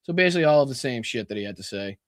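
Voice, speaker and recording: A man's voice: mid-range voice, lively intonation, racing, dry recording, clean studio sound. A man hosting a podcast, reacting to clips in casual political commentary, incredulous, swearing and laughing as he talks. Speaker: podcast host.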